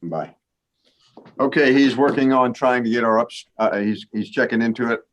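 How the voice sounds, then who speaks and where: A man's voice: mid-range voice, fairly even intonation, moderate pace, highs cut off. A man chairing an online committee meeting over a video call, informal and joking, now and then unsure how to run it.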